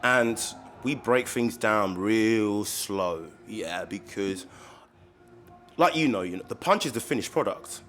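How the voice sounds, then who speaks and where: A man's voice: lowish voice, lively intonation, takes it slowly, fairly bright tone, faint music behind. A man who works as a personal trainer, talking casually as a podcast guest in a laid-back, slang-heavy, emphatic way. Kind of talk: casual chat.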